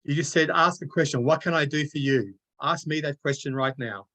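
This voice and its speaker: Man, slightly high voice, calm and directive participant on a call. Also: a little fast, poor audio. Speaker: discussion participant. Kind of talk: group discussion.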